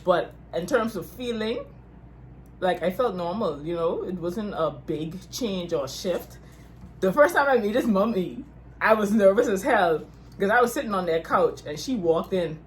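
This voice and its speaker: A woman's voice: medium pitch, lively intonation, normal speed, slight background noise. A young Bahamian woman co-hosting a couples Q&A, chatting casually and laughing often. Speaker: YouTube couple co-host.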